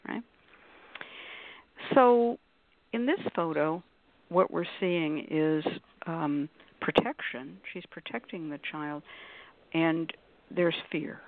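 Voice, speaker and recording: On a call-in radio show, a female panelist with a low-pitched voice speaks slowly with long pauses, explaining at length in a conversational manner. She acts out quoted voices in her examples, heard over a dry, tinny, phone-like line.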